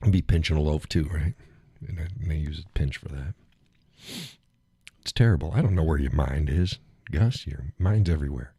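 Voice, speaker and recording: Deep-voiced man, husky, rambling folksy live-stream chat, dry close sound. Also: normal speed, pauses often, dark tone, no room sound. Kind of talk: casual chat with chat viewers.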